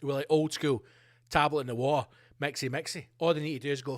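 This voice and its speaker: A man's voice: fairly high pitch, fairly even intonation, quick pace. A man hosting his own podcast, ranting with plenty of swearing and jumping between tangents. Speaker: podcast host. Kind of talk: solo podcast rant.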